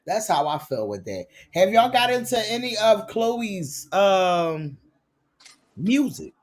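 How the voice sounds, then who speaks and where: A man hosts a celebrity gossip show, his voice a touch higher than most. He talks with emphasis, swears often and leans on his catchphrases. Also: very animated, slow pace. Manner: emphatic, profane, catchphrase-heavy. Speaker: host.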